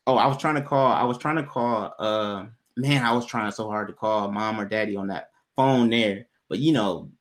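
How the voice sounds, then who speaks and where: A man with a lowish voice relates a personal anecdote to his co-host at a moderate pace with few pauses. His delivery is relaxed and full of slang, livening up when he imitates what others said.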